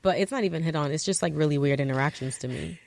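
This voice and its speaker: A woman's voice: sits low, quick pace, gravelly, a little mellow, dry recording. A woman in her twenties, a podcast guest, blunt, confident and joking. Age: 20s. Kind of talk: candid podcast chat.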